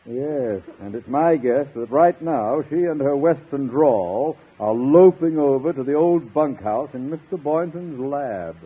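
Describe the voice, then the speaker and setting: A man's voice: mid-range voice, expressive, unhurried, few pauses, slight background noise, close to an everyday voice. An actor playing a self-important, blustering man school principal in a 1950s radio comedy. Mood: pompous. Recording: tinny old radio broadcast.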